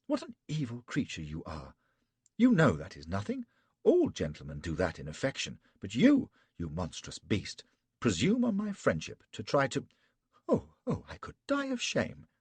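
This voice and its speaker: Man voicing a shrill, scandalised young lady. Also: huge pitch swings, moderate pace, breathy edge, no echo, heavily acted. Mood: indignant. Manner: shrill falsetto, indignant whispering. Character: young woman, prim, easily scandalised.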